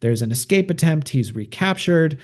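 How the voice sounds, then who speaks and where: Mellow-voiced man recapping a film. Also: fairly high pitch, lively intonation, moderate pace. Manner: rambling, heavy use of fillers. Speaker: podcast host. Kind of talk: casual movie recap.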